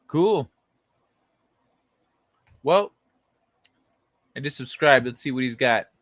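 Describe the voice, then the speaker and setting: A man's voice: medium pitch, lively intonation, takes it slowly, a bit bright, dry recording. Laid-back man chatting late at night. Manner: rambling, laid-back, talks to chat by name. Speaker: livestream host reading chat. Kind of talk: late-night casual chat. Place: at home in bed.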